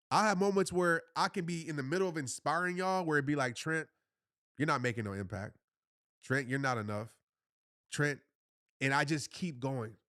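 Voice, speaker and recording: A man's voice: a little high, fairly bright tone, dry recording, studio quality. A man in his thirties, a motivational speaker giving earnest, casual answers to viewers on a live stream, repeating his points and calling them y'all.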